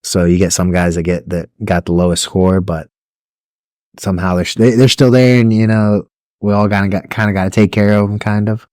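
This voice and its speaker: A young man, a podcast co-host, chatting casually, rambling through stories with frequent laughs and swearing, and mimicking yelling drill instructors. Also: sits low, steady tone, fairly quick, no echo, studio quality. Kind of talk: casual chat.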